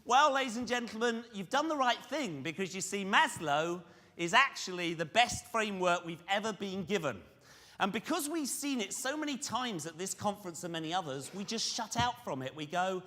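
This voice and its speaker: A man giving a lively conference presentation, questioning the audience directly. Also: sits high, normal speed. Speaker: conference speaker on fundraising. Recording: reverberant hall.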